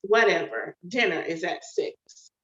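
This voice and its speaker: A man's voice: high voice, big pitch swings, a little slow, bright, forceful tone, pitched below the performer's own voice, exaggerated voice. A woman voicing a cocky, guarded young man in an audiobook-style reading, speaking in a curt, dry way. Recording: echoey, dull home recording.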